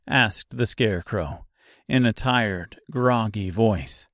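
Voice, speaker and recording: A man narrates a dark fantasy novel as an audiobook, reading at an unhurried pace in a middle-pitched voice. The recording is dry and close, with no room sound.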